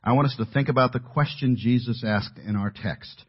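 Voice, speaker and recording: A man's voice: mid-range voice, normal speed, breathy edge. A man preaching an earnest sermon, stressing key points and building to emphatic peaks. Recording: dull lo-fi audio.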